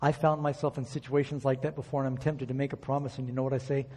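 A man's voice: mid-range voice, little pitch movement, fast talker, warm tone, in a large hall. A man preaching a sermon, reading scripture aloud and acting out quoted prayers as he tells stories.

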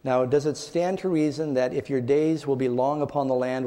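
A man's voice: steady tone, normal speed, few pauses, mellow. Dramatic preacher man in a big hall. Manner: dramatic storytelling, voice rising and dropping low. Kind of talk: sermon. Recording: long hall reverb.

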